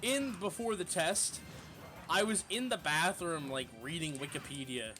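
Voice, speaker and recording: A man streamer telling a casual, profane story in an animated way, full of fillers. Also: a little high, a little slow, soft background music.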